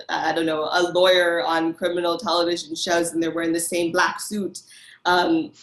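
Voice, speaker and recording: A woman's voice: lowish voice, fairly bright tone. A woman costume designer chatting as an interview guest, bubbly and enthusiastic, laughing often. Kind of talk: casual interview chat. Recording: echoey room.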